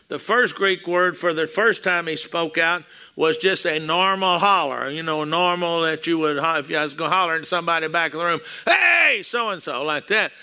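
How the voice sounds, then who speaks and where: A man's voice: on the high side, pushed and bright. An older man from Texas with a Texan accent, preaching a sermon as a pastor in a folksy storytelling way, acting out the quotes.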